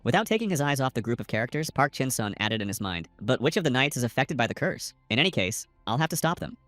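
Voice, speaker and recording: A man's voice: medium pitch, big pitch swings, fast talker, fairly bright tone, no room sound, soft background music. A man narrating a comic-book recap in a scripted storytelling style, reading every character's lines himself with slightly uneven stresses. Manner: reads all characters' lines in a lightly varied narrator voice.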